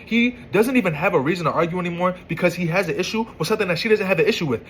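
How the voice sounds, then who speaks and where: A man's voice: sits high, racing, a little hiss or hum, poor audio. A man casually reading out and reacting to a couple's text argument, exasperated and incredulous, often stumbling and restarting his words. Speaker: commentator reading text messages.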